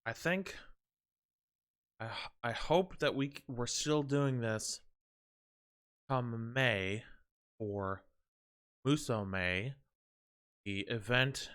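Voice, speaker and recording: A man's voice: mid-range voice, extremely slow, pauses often, fairly bright tone, smooth. A man streaming and chatting casually to his viewers, rambling and cutting himself off as he talks. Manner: rambling, chatty, self-interrupting. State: a bit out of breath.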